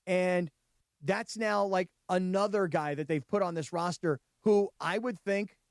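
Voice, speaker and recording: A man hosting a sports radio show, telling stories in a chatty, animated way in a studio. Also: high voice, measured pace, dry recording. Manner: chatty storyteller, animated retelling. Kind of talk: casual sports radio banter.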